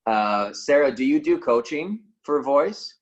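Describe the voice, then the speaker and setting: A man's voice: mid-range voice, lively intonation, measured pace, highs cut off. A man actor on a panel video call, speaking hesitantly with many "uh"s. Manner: hesitant, lots of uh.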